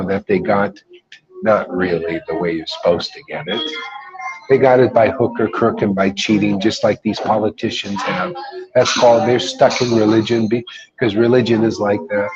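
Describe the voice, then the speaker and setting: A man's voice: lowish voice, muffled recording. A man giving an informal devotional talk as a spiritual teacher, emphatic and colloquial, often calling listeners "man.".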